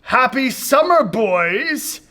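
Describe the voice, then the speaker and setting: A man voicing a mean, gloating male schoolteacher with a British accent and a slow, sneering delivery. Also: very high-pitched, very animated, pushed and bright, heavily acted. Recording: roomy echoey room.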